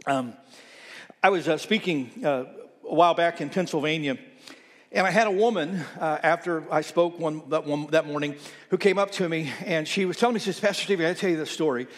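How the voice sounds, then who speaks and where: A man preaching a sermon as pastor, telling stories and quoting people, sometimes dropping to a soft near-whisper. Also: on the high side, fairly quick. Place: church sanctuary. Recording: long reverb in a church hall.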